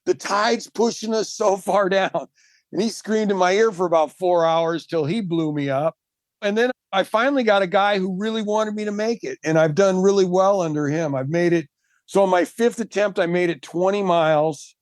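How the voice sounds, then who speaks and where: A man, a marathon swimmer and guest, telling his story in casual chat, animated and emphatic, laughing often. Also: high voice, moderate pace, dry recording.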